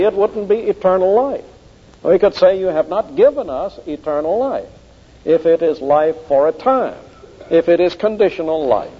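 A man preaching in a fairly high voice, pressing each point with emphatic repetition. The recording is dull and lo-fi, with a long reverb trailing off the walls of a large hall. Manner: emphatic, repeats key phrases for stress. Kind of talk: sermon.

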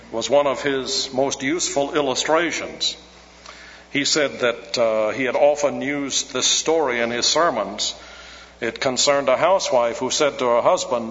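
A man's voice: medium pitch, fairly bright tone. A man preaching a sermon in an earnest way, his voice rising and falling for emphasis. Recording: echoey hall, dull lo-fi sound.

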